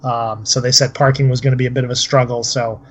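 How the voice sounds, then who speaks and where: A man's voice: mid-range voice, flat delivery, fast talker. A man co-hosting a casual podcast, talking steadily and rambling with many fillers. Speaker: podcast co-host. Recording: slightly dull lo-fi audio.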